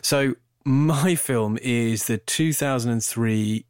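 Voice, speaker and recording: A man's voice: mid-range voice, takes it slowly, clean tone, dry recording. Chatty British man, very dry sound. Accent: British English. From Britain. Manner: animated, rambling, self-interrupting. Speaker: film podcast co-host. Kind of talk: casual chat about films.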